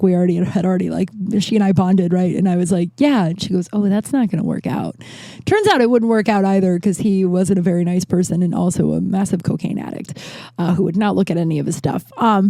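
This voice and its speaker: A woman's voice: medium pitch, warm tone, dry recording. A woman comedian in her thirties hosting her own podcast, telling personal stories in a rambling, candid, self-deprecating way and swearing freely. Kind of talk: casual storytelling monologue.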